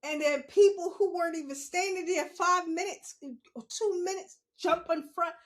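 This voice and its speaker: Middle-aged New woman, high voice, chatty storyteller who laughs often and acts out quotes. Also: normal speed. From New York City. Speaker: podcast host. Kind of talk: casual storytelling monologue.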